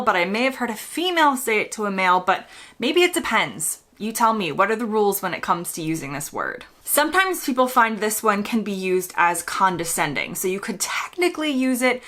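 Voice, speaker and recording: A woman's voice: medium pitch, pushed and bright. An American woman hosting her own video, explaining words in a chatty, upbeat way. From United States. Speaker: YouTube host. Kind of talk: casual explainer to camera.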